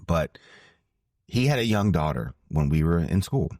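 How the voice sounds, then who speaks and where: A man's voice: sits low, sing-song, a little slow, a little mellow, no echo, studio quality. A man in his forties telling a heartfelt story as a podcast guest, earnest and emphatic, often repeating phrases for weight. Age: 40s. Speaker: podcast guest, former ballplayer and broadcaster. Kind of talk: storytelling interview answer.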